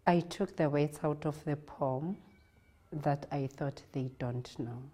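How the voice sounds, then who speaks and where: A South African woman, a primary school teacher, calmly explaining how she teaches her lessons. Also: low-pitched, slow. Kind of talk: reflective interview narration.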